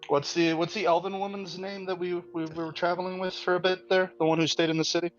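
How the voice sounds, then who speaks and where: A man playing a tabletop game who recounts his character's actions in a hesitant, halting way. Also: high-pitched, little pitch movement, soft background music. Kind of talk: casual game table chat. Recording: slightly dull lo-fi sound.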